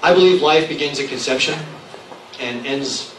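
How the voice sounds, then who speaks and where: A man answering as a candidate in a public debate, measured and assertive. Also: medium pitch, fairly bright tone. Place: public hall. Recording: echoey room from far off, faint noise.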